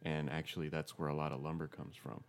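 A man's voice: extremely low pitch, level tone, fast. A man co-hosting a podcast in casual chat, rambling and wry, often restarting his sentences. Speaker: podcast co-host.

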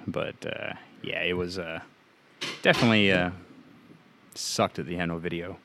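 A man's voice: deep voice, steady tone, moderate pace, creaky, background noise. A man co-hosting a casual podcast from home on a desk microphone, joking around. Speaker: podcast co-host. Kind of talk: casual chat. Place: home room, recording a podcast. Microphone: desk microphone on a stand.

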